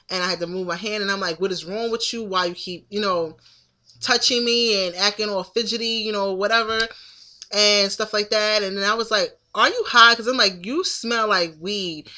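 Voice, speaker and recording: Woman in her thirties, bright voice, animated, indignant, casual venting to camera. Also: medium pitch, moderate pace. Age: 30s. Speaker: vlogger.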